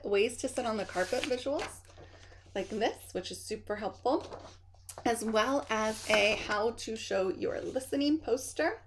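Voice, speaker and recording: A woman's voice: a little high, slight background noise. A middle-aged woman, a kindergarten teacher, giving upbeat and chatty classroom tips straight to camera and often checking in with her listeners. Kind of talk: friendly teaching talk to camera.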